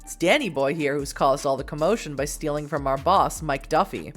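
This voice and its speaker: A woman's voice: sits low, fairly quick, faint music behind. A woman voicing a small, wiry male street thug who talks in a menacing, mocking, profane way. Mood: scornful.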